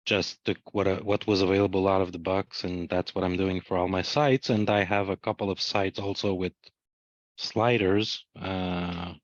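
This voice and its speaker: A man with a fairly low voice casually walks others through his website work, stringing thoughts loosely with plenty of fillers. The audio is dry and slightly muffled, like a call microphone. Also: no echo. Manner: relaxed, filler-heavy, loosely strung phrases. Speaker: web developer showing his work. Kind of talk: casual show-and-tell on a video call.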